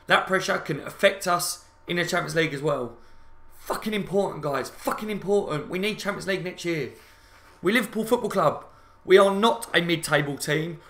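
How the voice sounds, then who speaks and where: A fired-up man rants through a live fan reaction stream, swearing and repeating himself as he talks to his viewers. His voice is bright and forceful, sitting a little high. The room around him is echoey. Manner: angry, sweary, repetitive ranting; addresses viewers as guys, reads out chat comments. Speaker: football fan channel host.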